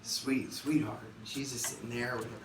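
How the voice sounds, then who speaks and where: A man, a musician, telling a story live on stage in an animated, profane way, acting out the voices of people in it. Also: mid-range voice, normal speed. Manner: animated, profane, acts out quotes. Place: concert venue stage. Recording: echoey live room from far off, noisy.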